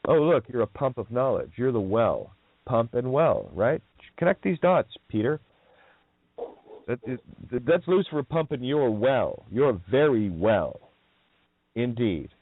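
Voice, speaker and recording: A man's voice: medium pitch, dry recording. A male radio host in a casual rambling monologue, chuckling often and swearing as he riffs on wordplay. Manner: laughs often, profane, wordplay-heavy. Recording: dry tinny phone-like line.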